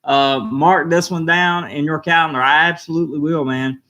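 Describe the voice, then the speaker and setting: A man hosting a live stream, reading viewer comments aloud, emotional and halting, repeating himself and choked up. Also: a little high, steady tone, bright, forceful tone.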